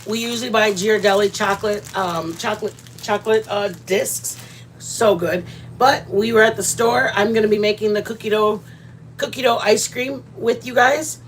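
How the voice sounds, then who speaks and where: A chatty woman hosts a casual cooking livestream and talks straight to her viewers. She rambles loosely from one thought to the next in an ordinary mid-range voice. A faint low rumble runs underneath. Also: moderate pace. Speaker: livestream host.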